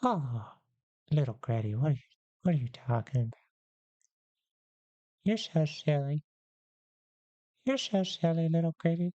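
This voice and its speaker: A man's voice: on the high side, measured pace, long pauses, dark tone, dull audio, pitched above the performer's own voice, natural voice. A man putting on the voice of a doting woman who teases a little one in sing-song baby talk.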